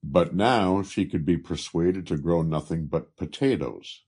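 A man reading a story aloud as narrator, in an unhurried, expressive way that lifts for quoted speech. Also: extremely low pitch, slightly rough. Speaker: audiobook narrator. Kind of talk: scripted narration.

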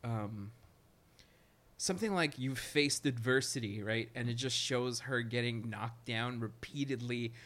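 A man co-hosting a podcast trades crude jokes in casual banter and acts out quotes in his stories. His voice is mid-range, fairly bright, and a little slow.

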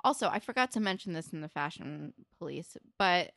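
A young woman chatting casually as a podcast co-host, recapping a TV episode, animated and peppering her talk with "like" and swearing. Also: fairly low pitch, fairly quick, vocal fry, dry recording, clean studio sound. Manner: animated, swears a lot, many likes.

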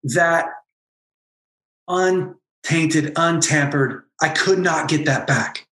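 A man's voice: on the high side, drawn-out words, a bit bright, echoey room. A man and former pastor, talking as a podcast guest and telling an emotional personal story with earnest intensity. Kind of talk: candid podcast conversation.

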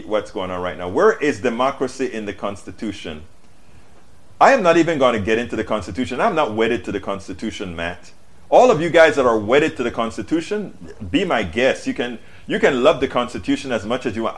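Impassioned male livestream host. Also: medium pitch. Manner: impassioned, emphatic, repeats phrases with restarts. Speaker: livestream political show host. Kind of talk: live political commentary reading viewer comments.

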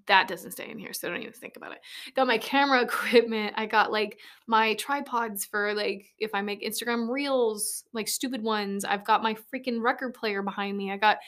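On her casual solo podcast, a woman in her late twenties speaks at normal speed with few pauses, her medium-pitched voice a bit bright. She's blunt, rambles, curses frequently and laughs easily, using a studio microphone in a small converted shed.

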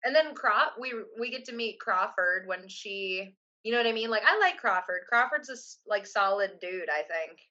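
A woman's voice: medium pitch, lively intonation, bright, forceful tone. A woman co-hosting a podcast in casual chat, joking and acting out quotes. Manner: joking, quick, acts out quotes. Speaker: podcast co-host. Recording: dull lo-fi sound.

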